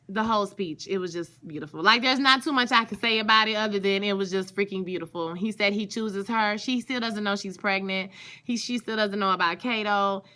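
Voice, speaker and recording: Bright-voiced woman recapping a show. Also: medium pitch. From Louisiana. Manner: chatty and gushing, often calls out to viewers. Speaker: TV show reviewer. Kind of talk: casual recap vlog.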